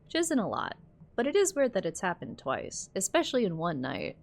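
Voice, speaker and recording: A woman's voice: mid-range voice, wildly swooping pitch, brisk, gravelly. A woman streaming a game, reacting with laughter and swearing as she talks to chat. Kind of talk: casual game commentary.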